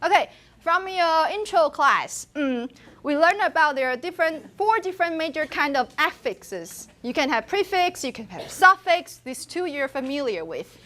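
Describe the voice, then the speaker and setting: Female linguistics lecturer, high voice, animated anecdotal classroom style. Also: normal speed. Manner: animated storyteller, laughs often.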